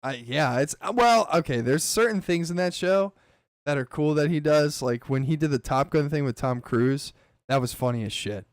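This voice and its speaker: Animated man telling a story on a podcast. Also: on the high side, moderate pace, dry recording, studio quality. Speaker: podcast host. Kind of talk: casual chat.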